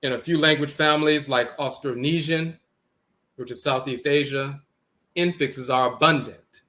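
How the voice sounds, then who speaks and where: A man's voice: medium pitch, steady tone, normal speed, pushed and bright. A man giving an explanatory lecture, repeating words and sounding out letters as he teaches.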